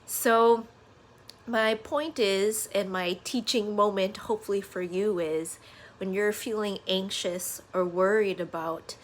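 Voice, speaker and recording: A woman in her thirties shares a personal lesson with her viewers in a loose, heartfelt way, often pausing on "uh" and "you know." Her voice sits at an ordinary middle pitch. A faint hum of room noise runs underneath. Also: steady tone. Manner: earnest, conversational, many fillers like "uh" and "you know". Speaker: vlogger. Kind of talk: casual reflective monologue to camera.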